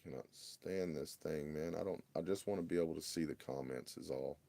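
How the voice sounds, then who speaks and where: Man, very deep voice, muttering and fed up, casual workshop livestream on a phone. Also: brisk, creaky, mellow. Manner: frustrated, muttering, drawling. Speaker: RC hobby livestream host.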